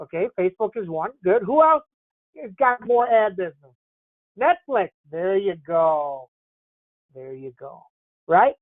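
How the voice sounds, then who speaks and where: Male stock market host on a live morning call, blunt and profane, prodding viewers; animated delivery, dry phone-quality audio. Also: very high-pitched, no room sound. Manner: blunt, profane, prods the audience to answer. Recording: tinny phone-like dry sound.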